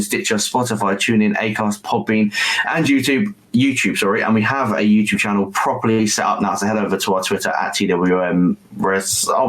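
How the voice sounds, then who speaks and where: A man hosting a podcast in casual chat, chatty and self-mocking with quick asides. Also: fairly low pitch, low-quality recording. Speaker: podcast host.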